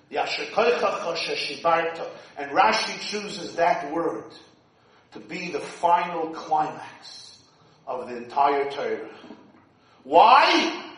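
Brief: man, fiery sermon, quiet to shouting, very roomy hall sound. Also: a little high, expressive, slow pace. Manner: dramatic swings from hushed to shouting. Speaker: rabbi giving a speech. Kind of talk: impassioned sermon. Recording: echoey hall, distant mic.

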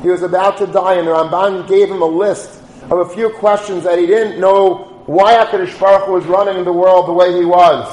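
High-voiced man giving a Torah lecture. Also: steady tone, a little fast, darkish tone, reverberant, a little hiss or hum, low-quality recording. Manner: storytelling, rises to chanting Hebrew liturgy. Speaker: rabbi.

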